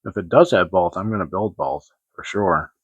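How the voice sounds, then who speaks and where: A man with a low, easygoing voice hosts a hobby vlog about his latest model-kit purchases. He rambles, piling up fillers and starting sentences over. The sound is dry and slightly muffled, like a modest home recording. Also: normal speed, husky, dry recording. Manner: rambling and hesitant, full of restarts and fillers. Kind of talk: casual show-and-tell vlog.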